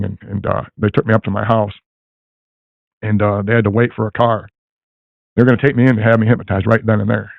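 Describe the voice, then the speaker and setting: Older guy telling a long rambling story fast, gravelly voice, sounds like a phone line. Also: on the low side, dry recording. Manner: rambling, many fillers and restarts. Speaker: guest telling a personal story. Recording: tinny phone-like line, dry.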